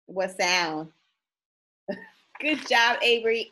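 Slow, sing-song woman teacher reading aloud. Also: on the high side, lively intonation, a bit bright. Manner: sing-song, playful, drawn-out sound words, coaxing questions to the children. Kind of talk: picture book read-aloud to young children.

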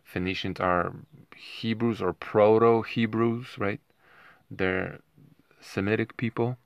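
A man's voice: fairly low pitch, fairly even intonation, slow pace, gravelly, clean tone, no echo, studio quality. A man talking in a rambling monologue at home, often tagging his points with a questioning aside. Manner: rambling, keeps asking "right?". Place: home with dogs nearby.

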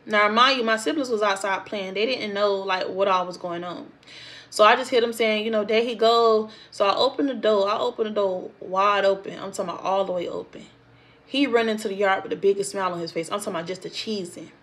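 A young woman telling her own story to viewers in casual vlog style, with speech and an animated way of acting out what others said. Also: medium pitch, fairly quick. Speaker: storytime vlogger.

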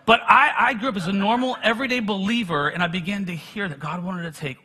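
Husky high-voiced male preacher. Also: fast talker, pushed and bright. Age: middle-aged. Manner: conversational, self-deprecating humor, frequent restarts. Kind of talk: sermon with personal stories.

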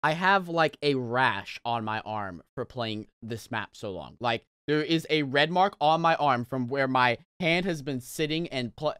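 Young gaming host, exaggerated rage commentary, very lively delivery, smooth dry sound. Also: male voice, mid-range voice, a little slow, hardly any pauses, no room sound. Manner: exaggerated rage, yelps and shouts. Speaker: gaming YouTuber. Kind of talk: frustrated gameplay commentary.

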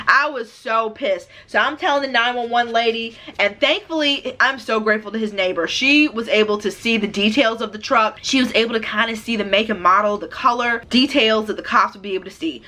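Young woman, bright tone, animated storytime chat. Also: a little high, fairly quick, hardly any pauses. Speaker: hair vlogger.

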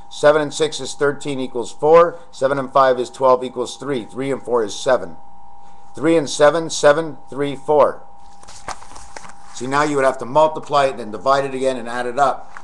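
A man's voice: medium pitch, a bit bright. A man talking to his webcam from the den of his house, ranting in an agitated, preachy way about numbers and the end of the world. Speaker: webcam vlogger. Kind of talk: rambling monologue to camera. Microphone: webcam mic.

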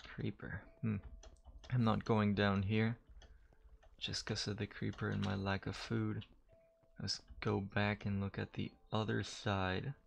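A man's voice: lowish voice, flat delivery, takes it slowly, creaky, dull audio, a little hiss or hum. A man giving casual, chatty let's-play commentary while he games, joking at himself and swearing when startled. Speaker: gamer. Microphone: desk mic, gamer wearing headphones.

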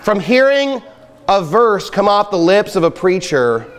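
A man preaching a sermon as pastor, with a high voice for a man. He presses his points hard and rises to loud calls at his listeners. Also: big pitch swings, measured pace, a little hiss or hum. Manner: emphatic, rising to loud exhortation. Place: outdoor campsite gathering.

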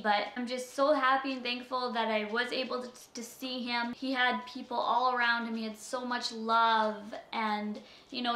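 Bright-voiced young woman, halting. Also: a little high, echoey room. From Canada. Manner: soft-spoken, halting, many fillers. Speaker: vlogger. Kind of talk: unscripted personal vlog.

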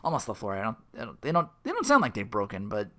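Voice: medium pitch, huge pitch swings, fast talker, a bit bright. A reader retelling a film script in a casual, rambling way with many fillers and restarts. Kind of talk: casual script read-aloud.

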